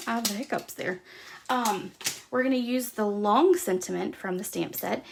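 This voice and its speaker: Gravelly-voiced woman demonstrating a craft live. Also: medium pitch, moderate pace, noisy background. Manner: chatty, talks while working with hands. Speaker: crafting host.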